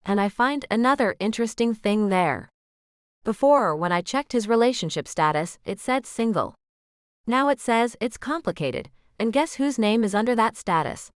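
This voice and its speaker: A woman narrating a romance audiobook in the first person, musing in an expressive, questioning way. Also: a little high, normal speed, smooth, no echo, studio quality.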